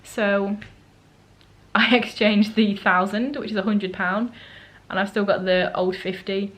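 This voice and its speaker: A woman's voice: mid-range voice, little pitch movement, a little slow, fairly bright tone, low-quality recording. A woman vlogging on a solo trip, chatting casually to the camera and acting out what people said to her. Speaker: travel vlogger. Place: holiday rental flat.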